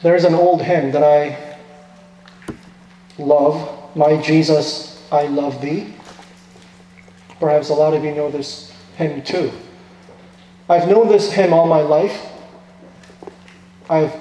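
A man preaching in a church sanctuary, his voice a little high but mellow and dark in tone. He swings between hushed, slow lines and loud, pleading outbursts. The room rings with a long, echoey reverb. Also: fairly even intonation. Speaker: pastor. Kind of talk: sermon.

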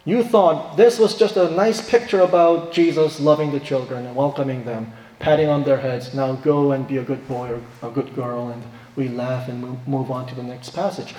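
A man preaching a sermon, asking rhetorical questions and stressing key points, then dropping to quiet asides. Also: mid-range voice, steady tone, normal speed. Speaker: pastor. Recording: echoey hall reverb.

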